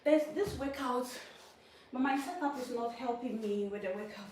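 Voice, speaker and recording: A woman's voice: on the high side, normal speed, darkish tone. A woman vlogging her workout, counting reps aloud and cheering herself on. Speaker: vlogger working out on a live stream. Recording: echoey room, mic far off, faint noise.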